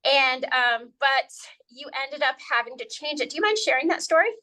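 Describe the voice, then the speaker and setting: A woman's voice: high-pitched, normal speed, sharp tone. A woman hosting a podcast interview, chatty and bubbly, asking questions in a casual way. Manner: bubbly, chatty, laughs often. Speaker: podcast host.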